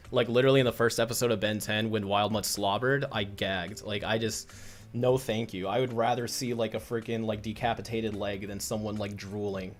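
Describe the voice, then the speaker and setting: Chatty man hosting a livestream. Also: lowish voice. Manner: chatty and rambling, full of "like" and restarts. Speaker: webcomic creator hosting a livestream. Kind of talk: casual livestream chat.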